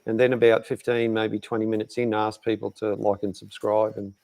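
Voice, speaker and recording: A man's voice: on the low side, flat delivery, brisk, creaky, a little mellow, no room sound. A man with an Australian accent, co-hosting a podcast in rambling casual chat with many fillers. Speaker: podcast co-host.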